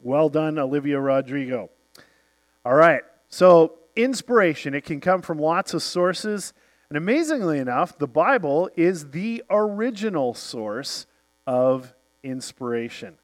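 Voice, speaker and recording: A man's voice: a little high, sing-song, unhurried. A middle-aged male pastor preaching a sermon, telling stories and quoting famous speeches with drama.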